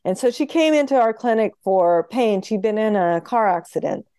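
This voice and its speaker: A woman's voice: medium pitch, clear, resonant tone, dry recording. A woman guest, a homeopath, telling patient stories in an interview and acting out the voices of the people she quotes. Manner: lively, acts out quoted voices, quick laughs. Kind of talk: animated storytelling in interview.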